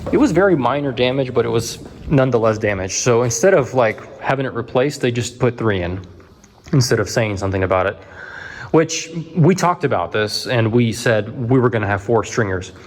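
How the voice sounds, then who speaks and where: A man casually walking through his house under construction, explaining framing problems in a rambling, animated way with many restarts. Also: medium pitch, normal speed. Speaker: home builder filming his build. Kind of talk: walkthrough vlog.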